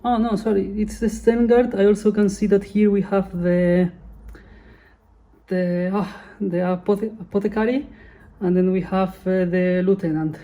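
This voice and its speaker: A woman's voice: medium pitch, steady tone, unhurried, mellow. A woman hosting her channel, giving casual unboxing commentary in a chatty way and often correcting herself. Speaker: channel host.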